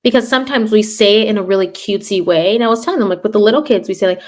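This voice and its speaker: A woman's voice: medium pitch, quick pace, hardly any pauses. A young adult woman who teaches third grade, hosting a casual chat and telling classroom stories with sarcasm. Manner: sarcastic, animated storyteller acting out classroom quotes.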